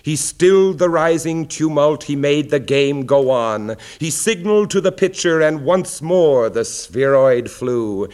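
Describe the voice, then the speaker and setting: A man giving a dramatic recitation of a poem, measured, sinking low and quiet on the weighty lines. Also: lively intonation.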